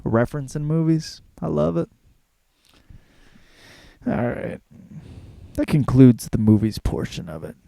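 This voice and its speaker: A man's voice: mid-range voice, animated, a little slow, creaky, long pauses, warm tone, dry recording. A man hosting his podcast in a casual, crude, rambling comic monologue with plenty of fillers and cursing. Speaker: podcast host.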